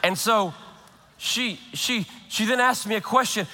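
A high-pitched, bright-toned male pastor preaching in a church sanctuary. He tells a funny story in an animated way, stumbling and restarting as he goes. His voice carries a long reverb from the big hall. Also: measured pace. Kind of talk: sermon with prayer and storytelling.

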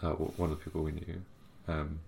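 A man's voice: rumbling low, monotone, fairly quick, gravelly, a little mellow, slight background noise. A young man co-hosting a podcast, chatting casually and stumbling and hesitating over his words. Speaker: podcast co-host. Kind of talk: casual chat.

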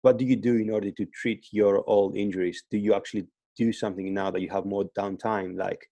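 Low, mellow man on a remote call. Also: steady tone, brisk, no room sound. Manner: hesitant, many restarts and repeated words. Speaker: guest fitness coach. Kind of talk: casual podcast interview. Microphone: remote call, line breaking up.

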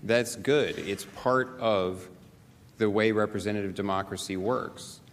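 A man giving a formal, measured legal argument as defense counsel at a podium microphone in a large chamber. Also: lowish voice, slight background noise. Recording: long reverb in large chamber, faint ambience.

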